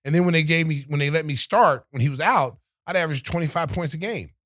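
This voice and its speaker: A man's voice: fairly high pitch, quick pace, no room sound, clean studio sound. A middle-aged man hosting a podcast, telling a story in casual chat and acting out what others said. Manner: animated storyteller, acts out quotes of others. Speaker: podcast host.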